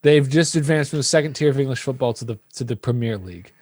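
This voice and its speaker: A man's voice: medium pitch, quick pace, a little mellow, dry recording. An American man co-hosting a podcast in a rambling, playful, teasing casual chat. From United States. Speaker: podcast co-host.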